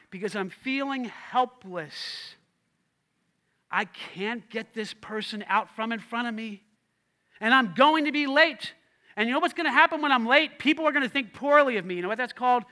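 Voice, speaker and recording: High, bright-voiced man preaching. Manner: animated, acts out quoted voices, shouts in bursts. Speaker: lead pastor. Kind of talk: sermon.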